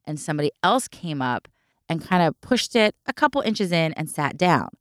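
A woman telling stories in casual chat, animated and quick to act out what people said. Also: low-pitched, no room sound, studio quality. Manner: animated, acts out quotes, swears.

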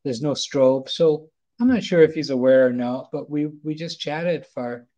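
A man's voice: a little high, normal speed, mellow. A middle-aged Scottish man telling a story as a podcast guest, rambling and often restarting his sentences. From Scotland. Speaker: guest, photographer. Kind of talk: casual anecdote storytelling.

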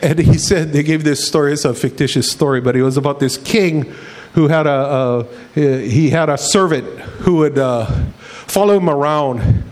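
A man's voice: fairly high pitch, moderate pace, darkish tone. A man preaching a sermon as pastor, telling stories and laughing at his own jokes.

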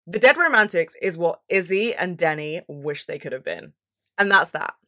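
A woman's voice: on the low side, animated, moderate pace, sharp tone, dry recording, studio quality. A young woman vlogging in a casual, chatty way, swearing freely and gushing about what she loves. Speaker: book vlogger. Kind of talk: casual chat.

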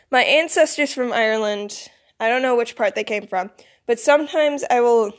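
A woman with a Michigan accent rambles through a casual vlog monologue in a somewhat high voice. She sounds groggy, as if she woke up not long ago. Her talk is loose and full of "like" and "you know". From United States. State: groggy, recently woken. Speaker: vlogger.

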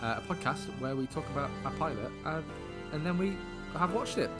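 A man's voice: fairly high pitch, animated, brisk, loud music behind the voice. A man hosting a casual podcast chat, joking and rambling with restarts. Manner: rambling, self-correcting, joking. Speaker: podcast host.

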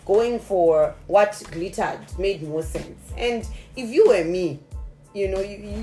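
A woman telling viewers a personal story in a casual, chatty, animated way. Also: on the low side. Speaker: vlogger.

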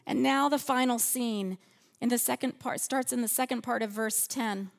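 A woman preaching a sermon in a church, slow and earnest, softening her voice on repeated phrases. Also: fairly high pitch, creaky.

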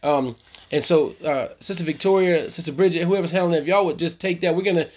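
Talking fast in a fairly high voice, this man coaches couples at a church workshop. He delivers his points emphatically, like a preacher, and challenges the audience again and again.

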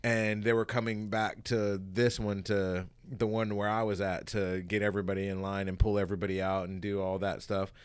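Low-voiced man telling a rambling story. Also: little pitch movement, normal speed, hardly any pauses, clean tone, no echo, clean studio sound. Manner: rambling, profane, laughs a lot, acts out others' lines. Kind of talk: casual storytelling chat.

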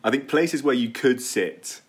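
A man's voice: medium pitch, unhurried, slightly rough. A young man, a podcast guest, chatting casually and telling rambling stories with dry self-deprecating humour.

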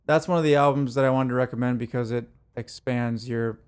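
A man co-hosting a music podcast, talking in a relaxed, easygoing way. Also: medium pitch, fairly quick, clean tone. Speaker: podcast co-host. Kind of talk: casual chat.

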